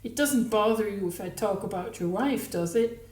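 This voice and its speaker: A woman reading a novel aloud, voicing a brash, volatile, flirtatious married woman who exclaims loudly. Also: medium pitch, moderate pace, distant mic, natural voice. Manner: loud, exclaiming, mercurial. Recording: roomy, from the mic.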